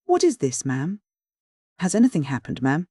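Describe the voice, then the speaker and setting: A man's voice: fairly high pitch, wildly swooping pitch, moderate pace, dark tone, breathy edge, dry recording, heavily acted. A man voicing a pompous, stately beadle. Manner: grave, stately speech. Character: pompous, self-important male parish beadle. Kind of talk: audiobook character reading.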